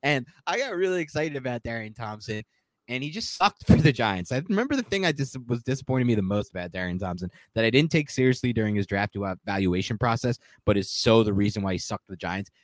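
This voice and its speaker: A man co-hosting a sports podcast, talking casually in a rambling, animated way and often correcting himself mid-sentence. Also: medium pitch, fast talker, no room sound. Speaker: podcast co-host.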